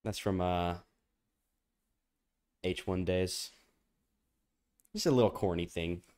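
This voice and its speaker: A man's voice: sits low, slow pace, a little mellow. A man streaming a video game, chatting in a playful, rambling way and coughing now and then. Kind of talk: casual gaming stream chat.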